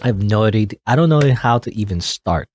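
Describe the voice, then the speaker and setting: Husky man narrating a story game. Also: fairly low pitch, lively intonation, brisk, darkish tone. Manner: dramatic reading, joking asides, laughs at own slips. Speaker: let's play host. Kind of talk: reading a story game aloud with asides.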